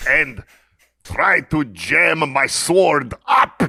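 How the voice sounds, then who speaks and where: Sex: man. Role: tabletop game player. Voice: very bright, gravelly. Delivery: theatrical and animated. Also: a little high, unhurried.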